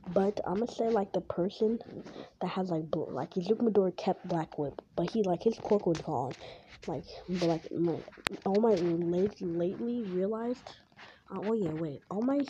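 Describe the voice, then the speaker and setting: A woman's voice: on the low side, dark tone. Rambling woman on a muffled lo-fi mic. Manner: rambling, full of "like" and restarts. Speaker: storyteller. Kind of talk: rambling casual storytelling. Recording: dull lo-fi with faint hiss.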